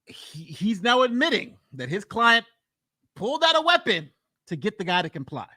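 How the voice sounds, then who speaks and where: A man, a lawyer, giving blunt, emphatic reaction commentary and thinking out loud about a trial. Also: sits high, very animated, moderate pace, dry recording.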